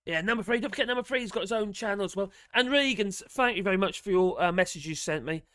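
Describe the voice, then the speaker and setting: A chatty man hosting a live stream, rambling from one thought to the next as he works through viewer messages. His voice sits a little on the high side and is wearing thin as he loses it, and the sound is close and dry with no room echo. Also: fast, a bit bright, clean tone. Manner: rambling, chatty, reads chat messages aloud. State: losing his voice. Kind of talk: casual live-stream chat.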